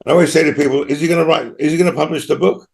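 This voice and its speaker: A man's voice: a little high, steady tone, racing, creaky, darkish tone. An older man from Australia, a guest telling long rambling stories in an interview and often tagging his points with "right?". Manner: rambling anecdotal, frequent tag "right?". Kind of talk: storytelling interview.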